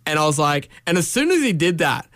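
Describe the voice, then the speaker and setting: A young Australian man tells a story on breakfast radio, slipping into his mates' voices as he goes. His voice sits a little high for a man. The studio sound is close and dry, with no room around it. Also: a little fast, dry recording. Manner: animated storytelling, acts out mates' lines. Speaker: radio host. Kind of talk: casual breakfast radio chat. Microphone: studio mic.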